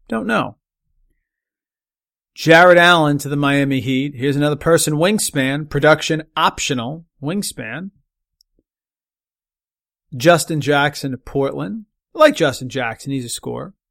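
A man hosting a solo sports podcast, running through picks with quick, opinionated verdicts and joking asides. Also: fairly high pitch, expressive, gravelly, a bit bright. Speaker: podcast host.

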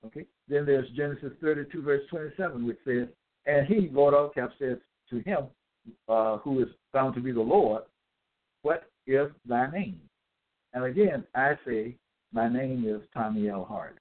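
A man delivering a scripture-citing monologue, reading out verse references and pausing to ask "okay?" as he goes. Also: mid-range voice. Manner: deliberate, checks in with "okay?"; spells out capitals, hesitant fillers. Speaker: self-styled religious teacher. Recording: tinny phone-like audio.

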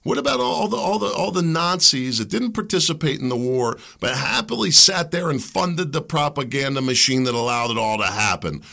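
A fired-up male podcast host delivering political commentary with a gravelly edge to his voice. His pitch runs a bit high and swings widely as he preaches and hammers rhetorical questions, stumbling over repeated words in the heat of it. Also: bright, forceful tone. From United States. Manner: repeats words when heated.

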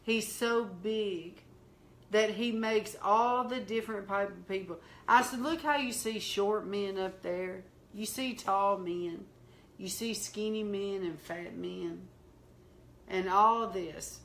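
A woman hosting a faith talk, telling a story in a slow, earnest way. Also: medium pitch, fairly bright tone, echoey room. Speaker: host.

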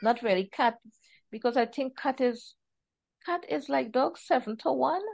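A woman's voice: high-pitched, normal speed, vocal fry. A woman from Trinidad and Tobago with a Trinidadian accent, an author chatting animatedly about her book in an interview. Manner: chatty, animated storyteller, laughs often. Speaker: author guest. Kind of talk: casual interview chat.

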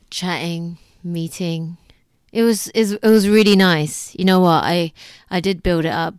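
A woman's voice: fairly low pitch, dry recording. A young woman vlogging in a chatty, upbeat way, repeating words for emphasis. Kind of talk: casual chat.

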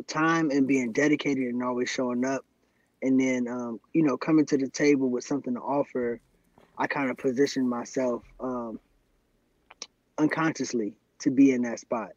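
A man's voice: medium pitch, no echo, lo-fi sound. A man being interviewed about his activism, speaking earnestly and gratefully in casual podcast talk, from Cleveland. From Cleveland, USA. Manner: earnest, grateful, frequent affirmations. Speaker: guest activist.

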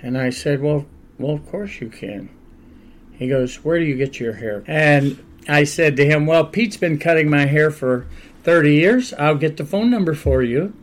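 An older man, a pastor, telling stories in a relaxed, conversational interview and laughing often along the way. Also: a little high, moderate pace. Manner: animated anecdotal storyteller, laughs often.

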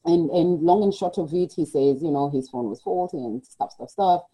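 Husky, warm-voiced woman pastor. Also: on the low side, moderate pace, rough recording. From Kenya. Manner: animated storyteller, acts out quotes, laughs often. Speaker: pastor, guest. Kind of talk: personal testimony in conversation.

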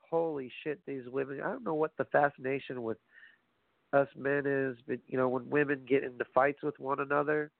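A man ranting casually about wrestling, profane and animated, addressing his audience directly. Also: on the high side, gravelly, no room sound. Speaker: wrestling commentary host. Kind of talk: casual opinionated wrestling talk. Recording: phone-like lo-fi audio, dry.

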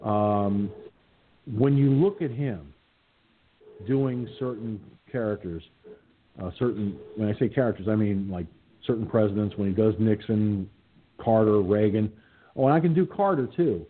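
A man's voice: lowish voice, a little slow, slight background noise. A man hosting an internet radio show, chatting casually and rambling with plenty of fillers. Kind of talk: casual chat. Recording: phone-like lo-fi line.

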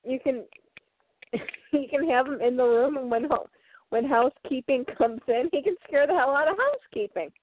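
High-pitched woman, giggly, on a tinny line. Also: moderate pace, slight background noise. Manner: laughs often, teasing. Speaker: co-host. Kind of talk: casual chat. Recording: tinny phone-like sound.

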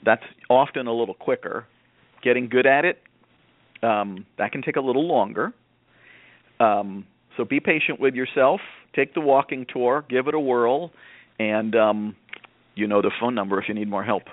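A man hosting a call-in parenting advice show, calm and measured, explaining patiently. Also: mid-range voice, dry recording. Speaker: radio show host, parenting expert. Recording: narrow phone-like band, dry.

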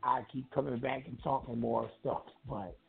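A man calls in to a talk show for a casual chat, talking in a laid-back, slangy way and laughing often. His mid-range voice is steady at normal speed, and it sounds gravelly over the phone line.

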